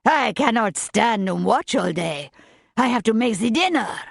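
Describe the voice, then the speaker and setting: A woman voicing a forceful, exacting male chef with a French accent, slow and brisk in turn. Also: on the high side, animated, creaky, husky, no room sound, clean studio sound, pitched above the performer's own voice, heavily acted. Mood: impatient, commanding. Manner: brisk, commanding.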